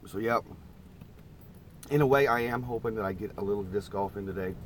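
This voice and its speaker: A man's voice: fairly low pitch, a little fast, a little hiss or hum. Folksy, rambling man chatting in a camper van. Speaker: vlogger. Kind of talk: casual live-stream chat. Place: inside a parked camper van, wind outside.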